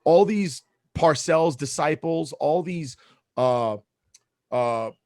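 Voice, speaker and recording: A man's voice: fairly high pitch, lively intonation, slow, darkish tone, dry recording, clean studio sound. A man co-hosting a casual sports podcast, telling a story in an emphatic way and swearing freely. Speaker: podcast co-host; supervisor at work.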